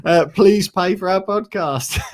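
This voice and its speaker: A man's voice: high-pitched, slow pace. A man hosting a casual football podcast, chatty and easygoing, who laughs often. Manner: chatty, laughs easily, says mate. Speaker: podcast host.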